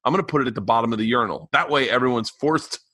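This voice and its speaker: A comedian tells an animated story on a podcast, laughing through his own punchlines. His voice has a bright edge at an average pitch for a man. The sound is dry and close, with no room around it. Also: very fast, no room sound.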